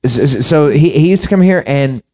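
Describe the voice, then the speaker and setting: A man's voice: fairly high pitch, normal speed. A man telling stories in casual talk, swearing often and acting out other people's voices. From Italian-American family. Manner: profane, animated, acts out quotes. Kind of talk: casual storytelling chat.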